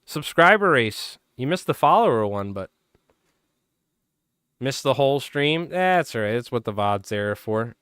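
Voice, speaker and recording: Hoarse man chatting on a livestream. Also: medium pitch, big pitch swings, a little slow, a bit bright, no room sound, studio quality. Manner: rambling, loose, talks to chat by name. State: strained, tired voice, clearing throat. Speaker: fly-tying livestream host. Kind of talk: casual live-stream chat.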